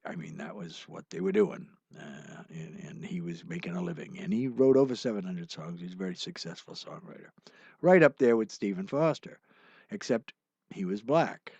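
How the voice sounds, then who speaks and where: An older man hosting a livestream of his songs, chatting casually and rambling with plenty of "uh" fillers, then signing off warmly to his viewers. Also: on the low side, vocal fry, husky, dry recording. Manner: warm, encouraging sign-off. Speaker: singer-songwriter hosting a livestream. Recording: dull, muffled lo-fi sound with faint music.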